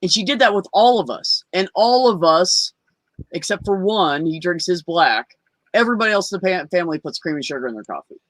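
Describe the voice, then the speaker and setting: A man's voice: high voice, expressive, brisk, fairly bright tone, no room sound. A man hosting a casual open-mic chat, joking and bantering. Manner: jokey, playful banter. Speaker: host.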